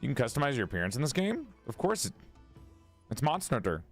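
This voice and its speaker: A man streaming a video game in casual chat, excitable and gushing, sounding a little sleepy. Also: quick pace, faint music behind. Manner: excitable, gushing, swings into high squeals. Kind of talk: casual gaming livestream chat.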